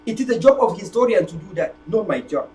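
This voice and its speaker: A man, an activist delivering a fiery, repetitive rhetorical monologue to his video audience, sometimes shouting. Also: sits high, sing-song, fast talker, recorded from a distance, slight background noise. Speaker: political activist. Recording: echoey room, voice off-mic.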